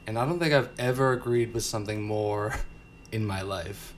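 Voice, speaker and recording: A man's voice: lowish voice, measured pace, a little hiss or hum. A man co-hosting a podcast, chatting in a laid-back, wry and agreeable way. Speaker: podcast co-host. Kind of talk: casual chat.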